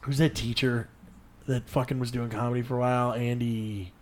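A man from Eastern Pennsylvania, a comedian telling stories in casual podcast chat, animated and profane. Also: mid-range voice, moderate pace, a crowd in the background. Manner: animated, profane storytelling with loud bursts.

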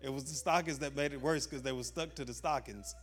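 A man's voice: medium pitch, brisk, slightly rough. A man preaching a casual, humorous sermon as pastor, telling stories and laughing often, repeating phrases for emphasis.

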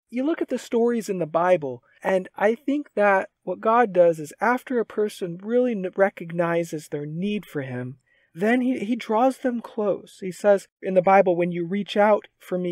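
An earnest man on a podcast, sharing in a reflective, testimony-like way. His voice sits a bit high for a man. The sound is close and dry, with no room around it. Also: a little mellow, no echo. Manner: earnest, testimony-like, quotes scripture. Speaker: podcast co-host. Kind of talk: reflective faith discussion.

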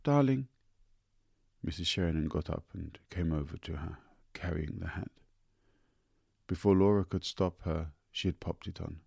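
Low, husky male storyteller, gravelly, measured audiobook read. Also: little pitch movement, a little mellow, dry recording, clean studio sound. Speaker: narrator. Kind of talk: audiobook narration.

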